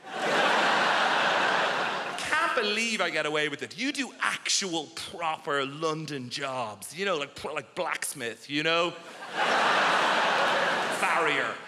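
A man's voice: fairly high pitch, lively intonation, slow, pauses often, noisy background. A man performing a stand-up comedy set in a theatre, telling stories with punchy timing and acting out quoted voices. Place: large theatre stage. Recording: echoey theatre with loud audience. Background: audience laughter.

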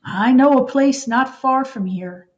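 A woman voicing a big, gentle, furry male elephant-like creature in a storybook read-aloud. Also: sits high, measured pace, recorded from a distance, lo-fi sound. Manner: kind and caring.

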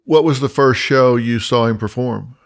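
An older man hosting a casual interview, asking measured leading questions in a conversational way. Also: medium pitch, creaky. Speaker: podcast host interviewing his son and partner.

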